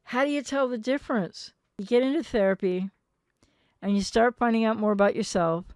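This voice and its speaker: Gentle older woman therapist, dry sound. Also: fairly high pitch, fairly quick, dry recording. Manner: earnest and gentle, acts out quoted partners. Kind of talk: advice monologue to viewers.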